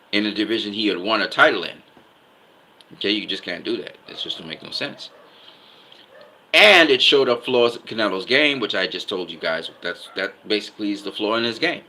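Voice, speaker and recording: A man's voice: fairly low pitch, pushed and bright, poor audio. A man giving casual boxing commentary, emphatic, often repeating himself and stopping to ask "okay?".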